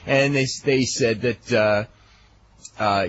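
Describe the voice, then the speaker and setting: A man's voice: on the low side, slow pace, long pauses. Male radio host, casual rambling chat, muffled old broadcast with light hiss. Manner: relaxed, rambling, chuckles while telling stories. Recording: dull lo-fi archive radio with faint hiss.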